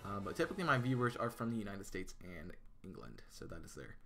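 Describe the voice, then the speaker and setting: Bright-voiced male streamer chatting. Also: on the low side, sing-song, fast, creaky. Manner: chatty, answers chat, many fillers and restarts. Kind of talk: casual live-stream chat.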